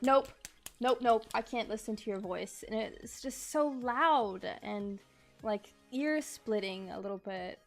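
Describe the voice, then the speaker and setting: Chatty woman streamer, music faint behind. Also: medium pitch. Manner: chatty, reads chat aloud, laughs often, apologetic. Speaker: streamer, figure sculptor. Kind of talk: casual live-stream chat.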